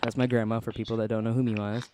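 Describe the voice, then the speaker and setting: A man hosting a podcast, telling a story in a casual, animated way and acting out the people he quotes. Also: medium pitch, rapid-fire, noisy background. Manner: animated, acts out quoted voices. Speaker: podcast host.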